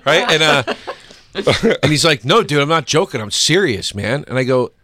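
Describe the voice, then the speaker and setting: A man's voice: fairly high pitch, animated, normal speed, sharp tone, no room sound, studio quality. A middle-aged man, a guest comedian, telling a story on a casual podcast and acting out both sides of it.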